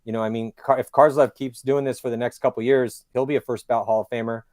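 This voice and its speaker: A man with a medium-pitched voice talks fast, recorded with studio quality and no echo. As a podcast guest in casual chat, he goes on at length, telling stories and making his points with animation, a long-winded, animated storyteller.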